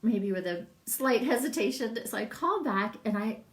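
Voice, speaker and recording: A woman's voice: fairly high pitch, animated, normal speed, roomy sound, recorded from a distance. A middle-aged woman, a massage business coach, talking in a casual, rambling livestream and reading out viewer comments. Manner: chatty, rambling, laughs often, reads viewer comments.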